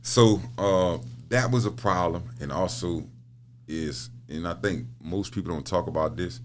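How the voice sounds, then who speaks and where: Deep-voiced middle-aged man telling stories. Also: a little slow, a little hiss or hum. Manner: storytelling, repeats words, laughs often. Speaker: podcast guest, prison minister. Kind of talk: casual interview talk.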